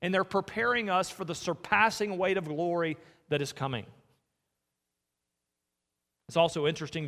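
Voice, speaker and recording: A man delivers a sermon from the pulpit, earnest and personal, often turning to ask his listeners pointed questions. His voice sits slightly high for a man. It rings out in a church with a long, trailing reverb. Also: fairly even intonation, normal speed, pauses often, a bit bright. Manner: earnest, asks the congregation direct questions. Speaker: pastor. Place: church sanctuary.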